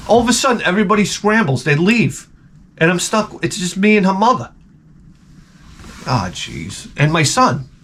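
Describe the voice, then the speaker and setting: A man's voice: medium pitch, fairly bright tone, slight background noise. A man vlogging with the flu, telling a comedic story in an exasperated, rambling, profane way. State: sick with the flu.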